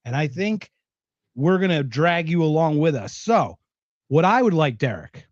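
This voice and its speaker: A man's voice: a little high, big pitch swings, a little slow, dry recording, dull audio. A man from Philadelphia with a faint Philadelphia accent, hosting a podcast in a rambling, chatty way. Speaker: podcast host. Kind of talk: casual chat.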